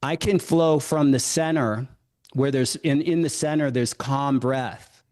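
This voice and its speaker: A man's voice: mid-range voice, unhurried, a little mellow. A man, a yoga teacher hosting a podcast, tells a personal story in a reflective way, often stopping to reframe his thoughts.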